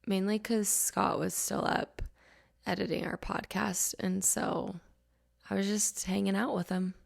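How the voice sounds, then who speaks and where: A young woman co-hosting a podcast in casual chat, sleepy but upbeat and quick to laugh. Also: mid-range voice, little pitch movement, gravelly. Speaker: podcast co-host.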